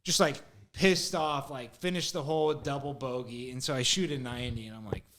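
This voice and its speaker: A young man co-hosting a podcast, telling long stories in animated, profane casual chat packed with "like". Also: medium pitch, brisk. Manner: animated, profane storytelling full of "like". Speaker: podcast co-host.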